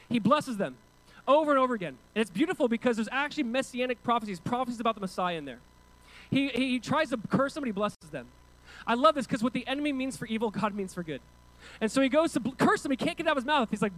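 A man preaching as pastor, telling a Bible story in an animated way, acting out quotes and asking the congregation to repeat words. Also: sits high, a little hiss or hum, poor audio. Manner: emphatic preaching with call-and-response. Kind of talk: sermon.

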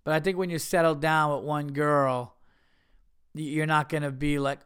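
A man's voice: a little high, fairly even intonation, normal speed, pauses often, fairly bright tone, clean tone. A man hosting a podcast in a casual comedic monologue, acting out quoted characters with big exaggerated swings. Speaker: podcast host.

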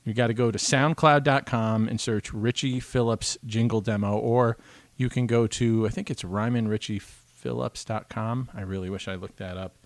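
A man's voice: lowish voice, steady tone, moderate pace, no echo. A man co-hosting a podcast in casual, joking chat, rambling into tangents. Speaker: podcast co-host.

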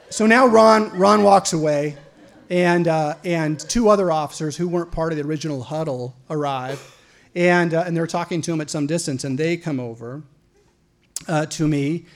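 A man from Idaho telling a personal story to an audience, animated and profane, often stumbling into repeated words. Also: a little high. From Idaho, USA.

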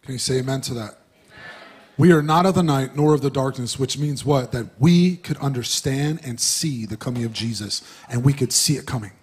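A man preaching to a church, talking to the congregation casually and shifting between loud emphasis and soft asides. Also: medium pitch, normal speed, husky. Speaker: pastor. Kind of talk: sermon.

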